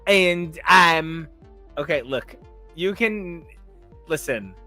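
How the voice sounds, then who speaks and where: Give me a blunt, joking male co-host with a fairly high voice. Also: animated, drawn-out words, sharp tone, soft background music. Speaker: podcast co-host. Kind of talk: casual chat.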